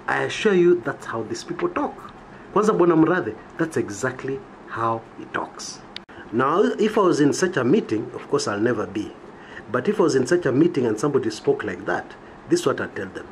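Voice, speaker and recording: Emphatic Kenyan man, lively pitch. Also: normal speed, a little hiss or hum. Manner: emphatic, rhetorical, keeps asking "yeah?". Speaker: political commentator. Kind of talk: opinionated monologue.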